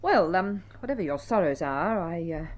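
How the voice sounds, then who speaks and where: An actress playing a sharp-tongued, fed-up wife in a vintage radio drama, sarcastic and cutting. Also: female voice, lowish voice, animated, moderate pace, natural voice.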